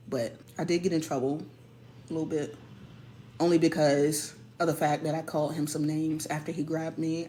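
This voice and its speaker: A woman telling a personal story in a casual, animated way, stressing and repeating her points. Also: low-pitched. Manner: animated, emphatic, repeats key phrases.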